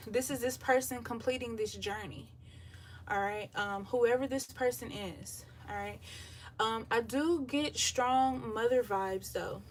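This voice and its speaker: Slow, breathless woman reading tarot. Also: fairly high pitch. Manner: relaxed, chatty, many filler ums. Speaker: tarot reader. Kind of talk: live tarot reading to viewers. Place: home by the beach, windows open. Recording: voice a bit far from the mic, faint surf noise. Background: faint beach waves.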